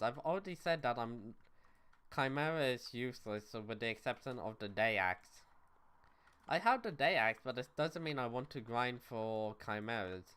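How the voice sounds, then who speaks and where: Smooth-voiced man streaming a game. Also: medium pitch, a bit bright. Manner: loose and offhand, reads chat aloud, swears casually. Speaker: livestreamer. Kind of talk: casual gaming stream chatter.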